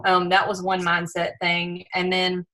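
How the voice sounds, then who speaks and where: A woman's voice: on the low side, monotone, measured pace, pushed and bright, low-quality recording. A woman, a new regional director, talking earnestly and a little emotionally on a team call. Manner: emotional, earnest, chatty with restarts. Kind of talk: casual team call talk.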